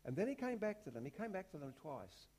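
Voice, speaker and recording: High-voiced man preaching with swelling intensity. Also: big pitch swings, fast talker. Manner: repetitive rhetorical questions, big swings in loudness. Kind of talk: sermon.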